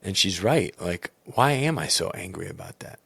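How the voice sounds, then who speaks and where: A man, a baseball coach and podcast host, talking candidly and in a rambling, self-critical way in a loud booming voice. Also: lively intonation, moderate pace, vocal fry, husky, no room sound. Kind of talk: personal reflective podcast talk.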